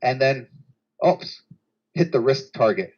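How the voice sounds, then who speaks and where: A man hosting a trading livestream, telling a story in a casual, animated way and acting out a trader's inner voice. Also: mid-range voice, takes it slowly, muffled recording.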